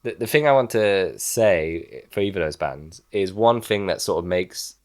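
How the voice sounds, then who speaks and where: A man co-hosting a podcast, giving his opinions on an album in a measured, hesitant way, often pausing on ums and likes. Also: deep voice, lively intonation. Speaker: podcast co-host. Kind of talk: casual album review chat.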